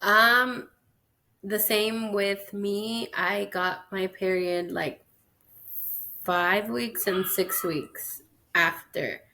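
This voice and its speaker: Bright-voiced woman podcast co-host. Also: mid-range voice, steady tone, drawn-out words. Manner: candid, chatty storytelling. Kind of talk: casual chat.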